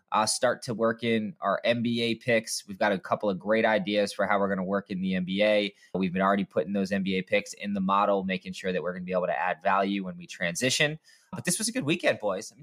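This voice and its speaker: A man's voice: on the low side, a bit bright. Upbeat talkative man hosting a sports podcast. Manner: upbeat, talkative, full of filler words. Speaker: podcast host. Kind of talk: casual sports podcast chat.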